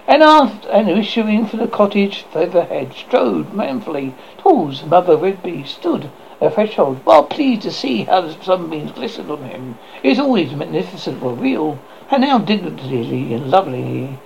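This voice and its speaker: Gravelly male horror host reading aloud. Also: high-pitched, very animated, moderate pace, hardly any pauses. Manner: stumbling, self-correcting reading. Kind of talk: story reading. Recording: dull lo-fi with faint noise.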